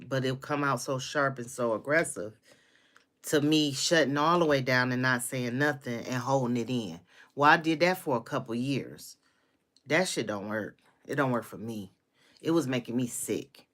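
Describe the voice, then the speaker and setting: Blunt low-voiced New woman. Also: fairly bright tone. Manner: blunt, outspoken, laughs often. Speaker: livestream host. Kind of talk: casual venting livestream.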